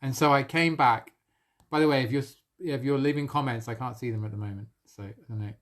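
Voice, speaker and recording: A man sharing a personal spiritual experience on a live stream, earnest and emotional, with soft laughs between phrases. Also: medium pitch, fairly quick. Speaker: spiritual coach.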